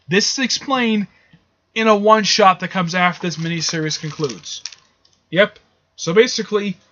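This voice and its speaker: A man walks through a comic book issue in a loose, rambling review, stumbling over restarts and filling gaps with "uh" and "um". His voice sits high for a man and sounds bright and edgy. The audio is muffled and lo-fi. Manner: rambling, with many fillers and restarts. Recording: dull lo-fi audio.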